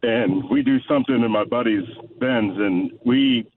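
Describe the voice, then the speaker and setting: A man's voice: medium pitch, moderate pace, dry recording, distant mic. A man from Texas calling in to a radio show, telling a story with many fillers and restarts. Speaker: caller. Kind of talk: phone-in storytelling. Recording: muffled phone line with faint noise.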